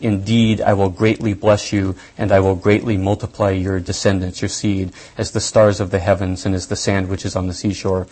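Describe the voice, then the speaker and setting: A man giving a lecture on scripture, thinking aloud deliberately and stressing key points. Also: low-pitched, little pitch movement, a little mellow, breathy edge, low-quality recording. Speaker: Bible teacher.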